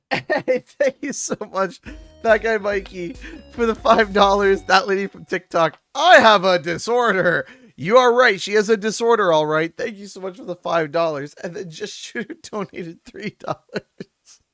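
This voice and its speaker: A man's voice: sits high, normal speed, a bit bright, no room sound, faint music behind. A man from Canada with a Canadian accent, chatting casually on a game livestream, laughing often and thanking donors by name. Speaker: streamer.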